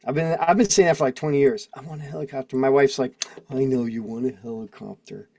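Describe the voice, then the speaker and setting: A man's voice: mid-range voice, fairly quick, vocal fry, a little mellow, no echo. Chatty man with a dry close sound. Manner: chatty, rambling, laughs often, reads case text aloud. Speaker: host. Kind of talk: casual legal commentary livestream. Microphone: video call mic.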